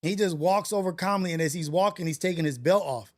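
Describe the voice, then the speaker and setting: A man's voice: sits high, fairly quick. A man hosting a casual livestream, telling a story in loose slang full of fillers and restarts. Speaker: livestream host. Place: home setup for a portrait livestream.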